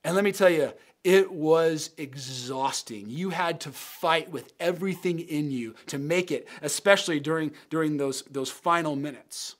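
A man's voice: on the high side, moderate pace, few pauses. A man preaching a sermon as pastor in an earnest, emphatic way, building phrases through repetition and then leading a prayer.

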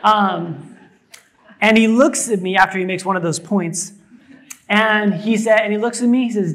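A young man with a high-pitched voice preaches to his congregation. He talks loosely and conversationally, with plenty of fillers and asides. He mixes scripture with stories from family life. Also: unhurried, fairly bright tone. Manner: conversational, storytelling with many fillers. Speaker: pastor. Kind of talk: sermon. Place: church service.

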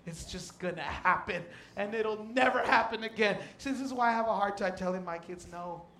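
A man's voice: high-pitched, moderate pace, bright, forceful tone, roomy sound. A man in his thirties, a pastor preaching a sermon in a folksy, emotional way with repeated refrains. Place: large tent with a congregation.

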